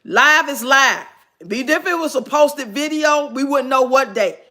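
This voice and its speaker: A woman's voice: high voice, moderate pace, pushed and bright. A woman giving blunt, sarcastic reaction commentary on a clip. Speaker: commentary streamer.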